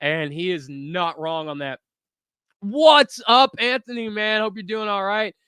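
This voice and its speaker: A man hosting a toy channel livestream, reading viewer comments aloud and giving candid, relaxed opinions with lots of fillers. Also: high voice, unhurried, clean tone, dry recording, clean studio sound. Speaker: toy review channel host.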